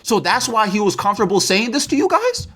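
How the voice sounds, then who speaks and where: A man's voice: a little high, lively intonation, fast talker, fairly bright tone, slightly rough. A man doing an upset young guy confronting friends. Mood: angry, worked up. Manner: worked up, accusing.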